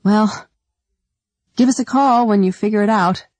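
A woman's voice: mid-range voice, unhurried, a little mellow, no echo, voice pushed up, natural voice. A woman reading aloud, voicing an earnest, emotional woman scientist who speaks with eager feeling. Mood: hopeful.

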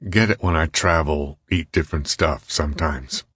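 Man voicing a sick, terse young man, very deep voice, storybook reading. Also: moderate pace, a bit bright, husky, dry recording, studio quality, exaggerated voice. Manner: terse and evasive.

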